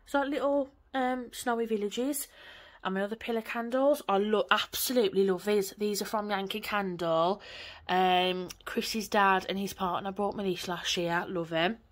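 A woman's voice: mid-range voice, steady tone, normal speed. A woman, chatting casually and rambling on in a home vlog from her living room. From England. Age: 20s. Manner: chatty, rambling, swears lightly. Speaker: vlogger.

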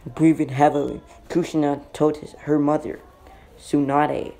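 A slow, rambling male storyteller with a dark, gravelly voice, making up a fan-fiction story as he goes. He pauses often and stumbles over words. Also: fairly high pitch, little pitch movement. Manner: halting, rambling delivery with slips. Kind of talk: improvised fan-fiction narration.

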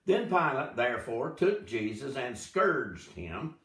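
A man teaching a Bible study, reading scripture aloud slowly and dramatically, with short explanatory asides. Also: medium pitch, sing-song, a bit bright. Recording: echoey room, mic at a distance.

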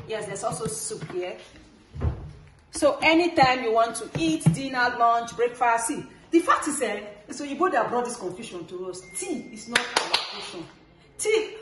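Young Nigerian woman vlogger, high voice, chatty and teasing, echoey room with background noise. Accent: Nigerian English. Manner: chatty, teasing, lively preaching. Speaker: family vlogger. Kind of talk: casual cooking vlog chat.

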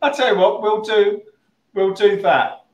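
A man's voice: sits high, a little slow. A man on the club team cutting in casually and apologetically to sort out a microphone. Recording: echoey room, voice from far off.

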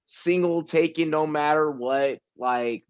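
A man's voice: on the high side, takes it slowly, smooth, no room sound, clean studio sound. A man hosting a casual podcast chat who laughs often and repeats words while searching for them. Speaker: podcast host.

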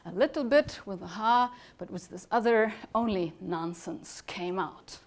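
Woman telling a story, slow and expressive. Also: mid-range voice. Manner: expressive, dropping to a whisper for effect. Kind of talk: storytelling to an audience. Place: conference talk.

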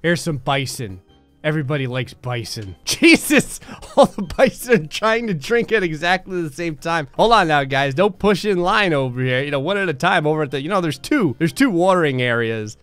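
A man's voice: a little high, big pitch swings, normal speed, fairly bright tone, smooth, no room sound, soft background music. Sarcastic man narrating a video game. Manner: sarcastic, laughing, talks to game characters. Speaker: gaming YouTuber. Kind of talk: casual gameplay commentary.

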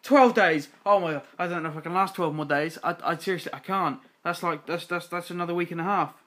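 A young adult playing a life-simulation game and commenting casually, growing exasperated and swearing at the characters, swinging between loud outbursts and tired muttering. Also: mid-range voice, fairly even intonation, fast talker. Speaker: gaming channel host. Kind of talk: casual let's-play commentary.

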